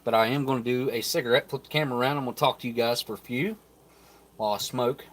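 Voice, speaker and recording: Brief: male streamer, mid-pitch, casual, thinks aloud while eating, mouth sometimes full, faint background noise. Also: fairly even intonation, quick pace. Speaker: channel host reviewing rations. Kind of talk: casual live-stream chat while tasting food.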